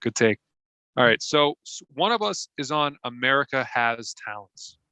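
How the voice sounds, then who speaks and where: A man's voice: medium pitch, lively intonation, moderate pace, sharp tone, smooth, no room sound. A young man co-hosting a podcast, bantering and teasing in a casual, joking way. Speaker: podcast co-host.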